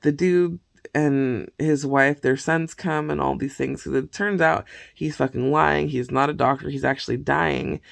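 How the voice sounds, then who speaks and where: Brief: gravelly, fry-heavy man, profane rambling movie-rant vlogger, dry close sound. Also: fairly high pitch, steady tone, a little slow, no room sound. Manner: heavy swearing, rambling retelling of plots. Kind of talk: casual rant.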